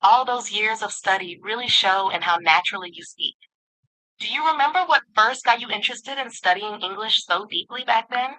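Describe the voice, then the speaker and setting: Bright, upbeat AI assistant woman. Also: mid-range voice, moderate pace, a little hiss or hum, poor audio. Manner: upbeat, affirming, polished. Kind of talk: synthetic conversational assistant speech.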